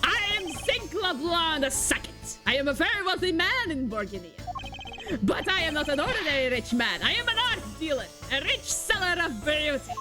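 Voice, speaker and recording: A woman putting on an arrogant, wealthy male art dealer in a game, who is pompous and dismissive. She keeps the voice high, with a lively, swinging pitch, over clearly audible game music. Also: normal speed. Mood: haughty.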